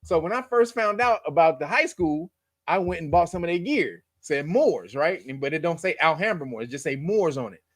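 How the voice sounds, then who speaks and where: A man's voice: on the high side, lively intonation, a little fast, dry recording, studio quality. A man hosting his own channel, giving casual political commentary in a loose, profane, joking way and laughing at his own lines. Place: lives in California.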